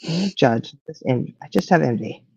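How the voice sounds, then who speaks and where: Playful woman with a lively voice. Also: deep voice, brisk, creaky, breathy edge, no echo, dull audio. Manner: playful teasing, laughing often. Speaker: livestream host. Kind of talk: casual chat reading viewer comments.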